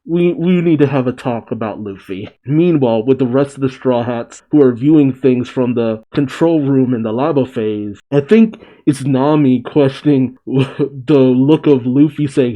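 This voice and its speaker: A man's voice: medium pitch, moderate pace, mellow, muffled recording. A man hosting a manga reaction video, recapping the chapter with frequent exclamations and laughs. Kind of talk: excited reaction commentary reading a comic.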